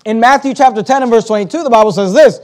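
A man's voice: very high voice, fast. A man preaching a sermon, reading scripture aloud and explaining it in an emphatic, argumentative way. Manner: reads King James scripture aloud, then explains it plainly.

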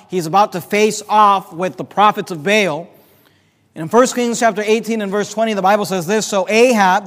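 A man preaching a Sunday night sermon, building with passion and rising to near-shouts as he quotes scripture. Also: high voice, big-room sound.

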